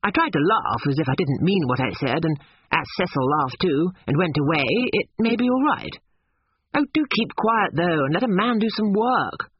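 Man voicing a sulky young son, blunt, grumbling, high, husky, muffled audiobook sound. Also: lively intonation, moderate pace, dry recording. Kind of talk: audiobook character reading.

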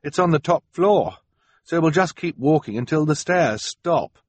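A man's voice: fairly high pitch, lively intonation, a little slow, husky, dry recording, voice pushed up. A man voicing a resourceful teenage girl inventor, the eldest sister, earnest, practical and encouraging.

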